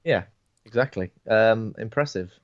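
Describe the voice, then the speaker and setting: A man's voice: fairly low pitch, a little slow, no echo, dull audio. A man co-hosting a podcast, rambling and jokey as he chats. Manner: rambling, jokey, restarts a lot. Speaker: podcast co-host. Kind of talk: casual chat.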